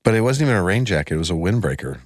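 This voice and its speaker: Deep-voiced husband, wry and laid-back. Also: male voice, very animated, very fast, no room sound, studio quality. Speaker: guest, host's husband. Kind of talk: casual chat.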